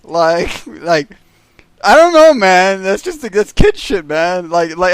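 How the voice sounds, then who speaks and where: A man's voice: high voice, very animated, a little slow, clear, resonant tone, no room sound. A man telling a rambling, profanity-heavy story on a stream. He keeps checking in with his listeners by asking "right?". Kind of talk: casual storytelling.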